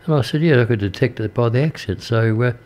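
An older Australian man presenting community radio, telling a story in a rambling, halting way with many fillers. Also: mid-range voice, darkish tone. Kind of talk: casual radio chat between songs. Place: radio studio.

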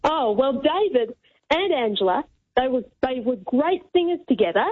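A woman calls into a radio show and tells an eager fan story. Her voice sits high and comes through a tinny phone line. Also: animated, moderate pace. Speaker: caller.

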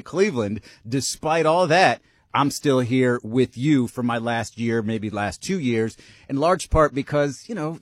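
A man's voice: mid-range voice, no echo, studio quality. A man co-hosting a sports talk radio show, chatty and opinionated, thinking aloud as he goes.

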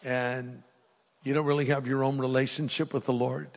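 An older man preaching a sermon in a large church, earnest and urging, shifting between raised appeals and quiet, hushed prayer. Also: medium pitch, little pitch movement, moderate pace, vocal fry. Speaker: pastor. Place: large church auditorium with live audience. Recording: long hall reverb.

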